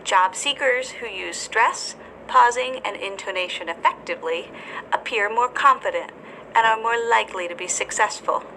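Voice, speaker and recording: A woman teacher narrating a scripted English lesson, speaking slowly and deliberately with careful enunciation. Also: mid-range voice, bright, forceful tone, a little hiss or hum, low-quality recording.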